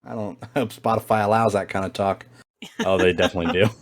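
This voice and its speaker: A man's voice: lowish voice, steady tone, fast talker. A man co-hosting a podcast in casual chat, rambling and joking crudely, often laughing, talking over an online voice call from home. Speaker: podcast co-host.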